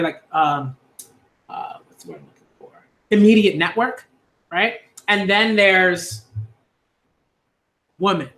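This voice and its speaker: A man's voice: high voice, sharp tone, echoey room. A man speaking earnestly in a casual monologue, repeating himself with many fillers and restarts. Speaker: YouTube commentator.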